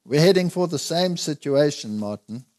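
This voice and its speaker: A man's voice: a little high, expressive, moderate pace, darkish tone. A man teaching the Bible in conversation, earnest and emphatic, reading scripture aloud in old-fashioned wording.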